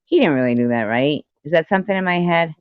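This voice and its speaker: A woman's voice: deep voice, expressive, quick pace, clean tone, no echo. A woman chatting casually on her live stream, teasing, laughing often and swearing freely. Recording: dull, dry lo-fi stream audio.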